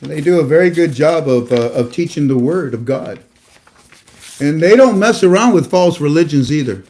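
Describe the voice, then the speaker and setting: A man with a fairly high, slightly mellow voice and lively intonation hosts a casual religious talk online at normal speed. His preachy remarks about faith wander, packed with fillers and restarts.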